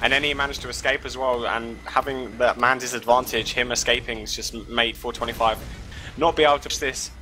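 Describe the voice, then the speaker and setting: Casting note: upbeat male esports caster, bright tone, chatty and quick to laugh. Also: medium pitch, soft background music. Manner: excitable, chatty, laughs easily. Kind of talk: live esports commentary.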